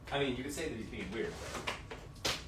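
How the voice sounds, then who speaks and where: A man's voice: mid-range voice, heavy background noise. A man hosting a casual live stream, rambling through stories with plenty of fillers, swearing and acted-out quotes. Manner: rambling, profane, lots of fillers and quoted dialogue. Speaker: livestream host. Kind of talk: casual storytelling to viewers.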